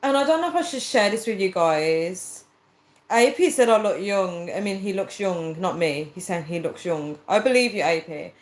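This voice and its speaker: Woman chatting on a livestream, retelling a convo with all the voices, mid pitch, echoey room sound. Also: lively intonation, moderate pace. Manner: chatty storyteller acting out quoted dialogue, earnest. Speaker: livestreamer reading viewer comments. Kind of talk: casual livestream chat. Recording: roomy echo.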